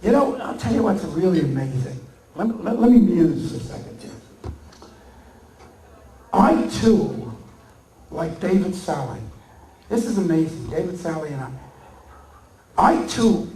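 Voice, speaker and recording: Gravelly high-voiced old comic, echoey hall. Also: male voice, animated, measured pace, long pauses, noisy background. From Brooklyn, New York. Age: 80s. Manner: rambling, joking storyteller who bursts into loud bits. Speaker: comedian accepting an award. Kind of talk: comic acceptance speech. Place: large banquet hall with an audience. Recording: echoey hall, mic far off, crowd laughter.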